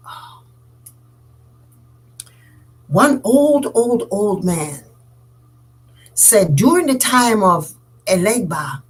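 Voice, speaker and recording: A woman tells a folk tale aloud in a husky voice. She leaps high in pitch to act out each character's lines, then drops back to a slow, weighty narrating tone. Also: rough recording. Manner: animated, acting out each character's lines with big pitch jumps. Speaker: storyteller. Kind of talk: oral storytelling.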